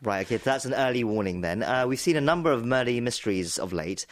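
Male radio host, brisk, keeps the segments moving. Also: mid-range voice, animated, slight background noise. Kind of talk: broadcast interview.

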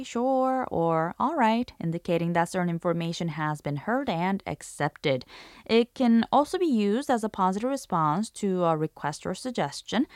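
A woman's voice: mid-range voice, no room sound, clean studio sound. A woman hosting a language lesson, reading a scripted explanation and demonstrating intonation with example phrases. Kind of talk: scripted radio-style lesson narration.

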